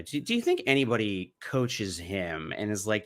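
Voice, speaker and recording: A man's voice: fairly low pitch, huge pitch swings, moderate pace, a bit bright. A man giving sarcastic, mocking commentary on religious videos. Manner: sardonic, mocking. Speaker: commentary YouTuber.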